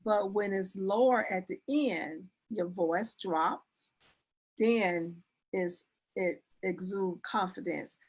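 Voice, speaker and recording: Woman, etiquette coach, instructive, earnest, gives everyday examples, restarts sentences. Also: medium pitch. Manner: explains with everyday examples and demonstrates sentence endings. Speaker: etiquette and image consultant, guest. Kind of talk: casual interview.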